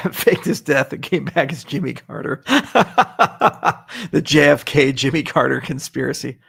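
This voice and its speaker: Middle-aged male host taking live questions; blunt and sarcastic, with a husky, rough voice. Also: on the high side, expressive, a little slow, a bit bright. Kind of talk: livestream Q&A, casual chat.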